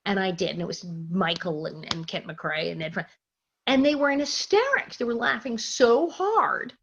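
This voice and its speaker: Middle-aged woman guest, husky and breathy, lively anecdote teller; dull lo-fi interview audio. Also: medium pitch, moderate pace. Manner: lively anecdotal, acts out quotes. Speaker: interview guest, former child actress. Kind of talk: casual interview storytelling.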